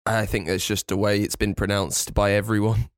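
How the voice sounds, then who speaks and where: A man's voice: lowish voice, moderate pace, no echo, studio quality. A man co-hosting a podcast, teasing and bantering in casual chat. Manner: animated, teasing. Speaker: podcast co-host.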